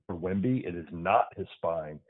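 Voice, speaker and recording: The low-pitched voice belongs to an emergency physician speaking at normal speed as a guest in a casual podcast interview. He stays upbeat and clear, heard through a dry, phone-like remote line.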